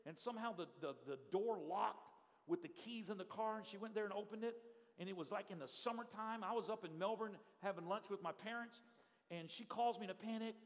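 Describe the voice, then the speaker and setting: A middle-aged male pastor, telling stories in a sermon and swinging from hushed telling to loud shouting. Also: high voice, fairly quick. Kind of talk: storytelling sermon. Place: church sanctuary. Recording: live church hall reverb.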